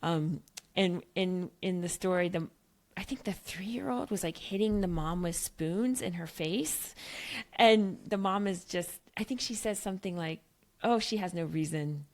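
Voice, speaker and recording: A woman's voice: fairly low pitch, a little slow, a little mellow. A middle-aged woman, a guest author on a podcast, talking through her ideas animatedly, with frequent restarts and tag questions. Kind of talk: podcast conversation.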